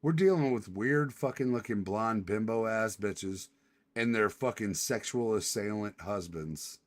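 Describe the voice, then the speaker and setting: A man's voice: lowish voice, a little slow. A male streamer doing a casual reaction stream, profane and exasperated, cursing and laughing often.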